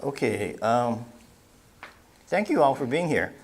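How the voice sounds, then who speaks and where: A man, an author, giving an unhurried public talk and reading quotes, with frequent ums and uhs. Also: medium pitch, big pitch swings.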